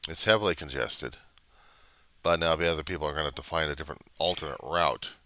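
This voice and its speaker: A man's voice: rumbling low, fast talker, bright, forceful tone. A man from the United States, rambling and trailing off in a personal video diary, with mild cursing. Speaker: video diarist.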